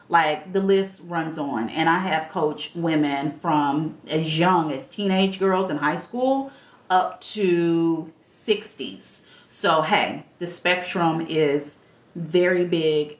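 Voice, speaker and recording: A woman speaking in a casual style, chatting bluntly and animatedly as a dating life coach on a livestream. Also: sits low. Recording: echoey room.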